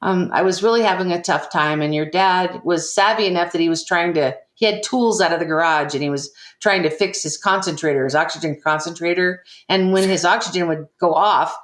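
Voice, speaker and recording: Older woman, guest. Earnest storyteller, lower pitch, echoey room. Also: brisk, hardly any pauses. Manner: earnest, emotional retelling with quoted dialogue. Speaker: interview guest. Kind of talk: personal storytelling.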